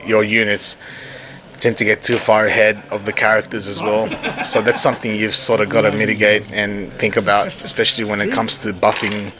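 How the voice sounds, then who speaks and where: A man casually explaining a tabletop wargame as he plays, often stopping and restarting his phrases. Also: fairly low pitch. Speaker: tabletop wargame player recording a battle report. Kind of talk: casual explanatory narration over a tabletop game. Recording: chatter from a crowd in the background.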